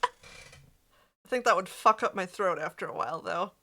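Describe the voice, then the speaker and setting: A woman's voice: fairly low pitch, very animated, measured pace, bright, forceful tone, a little hiss or hum. A young woman streamer chatting casually while playing a game, talking to her chat and laughing as she reads. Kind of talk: casual live-stream commentary.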